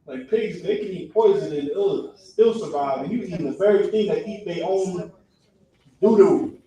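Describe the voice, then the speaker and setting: A man teaching a religious class in a classroom, animated and acting out people's reactions with mock voices. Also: high voice, normal speed, slight background noise. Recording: echoey room, far from the mic.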